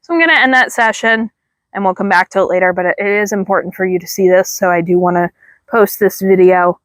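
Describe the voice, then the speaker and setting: A woman dog trainer outdoors calmly explaining leash work, breaking into high, drawn-out praise for the dog. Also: no room sound. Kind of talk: instructional dog training demo.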